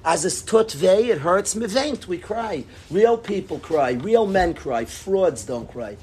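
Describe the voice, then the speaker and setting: A man teaching a religious class in an impassioned, emphatic way, repeating his points and swinging between loud and hushed. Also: sits high, lively intonation, takes it slowly, noisy background. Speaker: Torah teacher.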